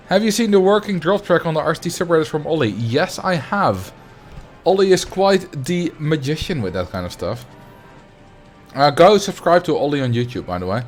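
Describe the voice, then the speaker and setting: A man's voice: a little high, animated, moderate pace, soft background music. A young man from the Netherlands, chatting casually on a game livestream, laughing often and muttering to himself as he builds. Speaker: game streamer.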